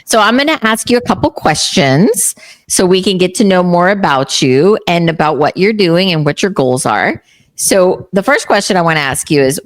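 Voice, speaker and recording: A woman in her fifties from Texas, hosting a podcast interview in a chatty way and telling family anecdotes. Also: lowish voice. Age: 50s. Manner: chatty, tells anecdotes acting out quotes. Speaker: podcast host. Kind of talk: casual interview chat.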